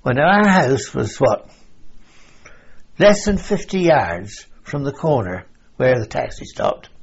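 Heard on a dull lo-fi recording, this veteran interviewee from England speaks slowly in a husky, sing-song, mid-range voice. He wanders through wartime recollections for an oral-history interview, chuckling and dropping "you see" as he talks.

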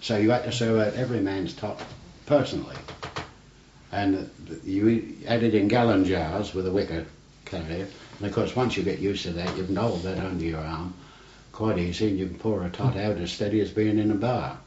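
A man's voice: deep voice, steady tone, moderate pace, a little mellow. An older man, a navy veteran, telling rambling stories in an oral history interview, often adding "you see". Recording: roomy, dull archival tape with faint hiss.

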